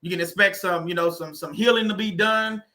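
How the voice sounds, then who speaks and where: A man's voice: high-pitched, fairly quick, pushed and bright. A man hosting a casual livestream, laughing often and reading viewers' comments aloud. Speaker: livestream host.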